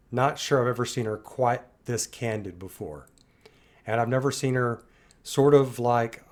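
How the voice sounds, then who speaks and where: A middle-aged man giving a reflective, loosely rambling commentary monologue, thinking out loud as he talks. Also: medium pitch. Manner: thoughtful, musing, loosely rambling. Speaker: reaction commentator.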